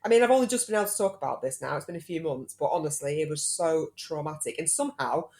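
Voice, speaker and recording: Low-voiced British woman in her thirties, chatty podcast host who teases her guest. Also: quick pace, a little mellow. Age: 30s. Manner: chatty and teasing. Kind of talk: casual chat.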